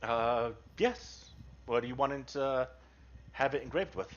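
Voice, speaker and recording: A man's voice: medium pitch, expressive, takes it slowly, muffled recording, pitched below the performer's own voice. A man voicing a female village shopkeeper who is polite and matter-of-fact. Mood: helpful.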